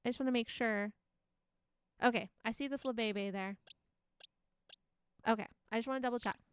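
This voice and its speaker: A woman's voice: a little high, fairly even intonation, moderate pace, smooth, no room sound, clean studio sound. Bubbly young woman streamer reading chat. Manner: bubbly, reads chat aloud, laughs often. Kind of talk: casual live game stream chat.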